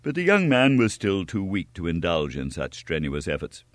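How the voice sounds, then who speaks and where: A man giving a lively, expressive scripted audiobook narration of an adventure story. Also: low-pitched, moderate pace, dry recording.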